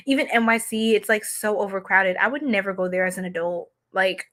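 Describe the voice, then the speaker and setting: A woman's voice: mid-range voice, normal speed, a bit bright. A playful, giggly woman from New York, chatting casually as host of a psychic reading livestream. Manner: playful and giggly, laughs often.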